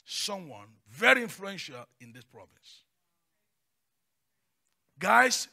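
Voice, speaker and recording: Gravelly, bright-voiced preaching pastor. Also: male voice, high voice, lively intonation, normal speed. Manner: passionate, swings from hushed to shouting. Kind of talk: sermon.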